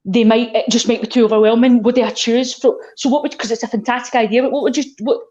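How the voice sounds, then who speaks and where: A woman's voice: on the high side, steady tone, quick pace, darkish tone, dull audio. A Scottish woman who coaches people on mental health, talking reflectively in a casual podcast chat.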